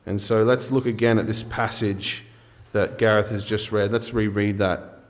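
A man's voice: on the low side, steady tone, normal speed. A man preaching a sermon, reading scripture aloud and then explaining it in an earnest, emphatic way with occasional fillers and restarts.

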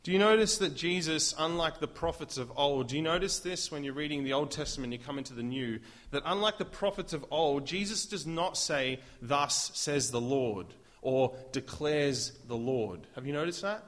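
A man preaching a sermon, emphatic and full of rhetorical questions, rising to loud declarations. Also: fairly high pitch, animated, normal speed, hardly any pauses.

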